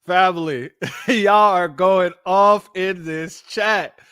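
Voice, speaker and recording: A man from California with a Californian accent, hosting a live stream and reacting to chat in an animated storytelling way, laughing often. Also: sits high, slow, smooth, no room sound, clean studio sound. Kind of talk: casual live-stream commentary.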